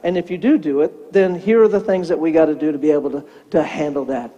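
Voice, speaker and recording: A man's voice: a little high, fast talker, highs cut off. An older man, a pastor, telling a comic story in a sermon, acting out the voices in it. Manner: animated, acts out voices in a story.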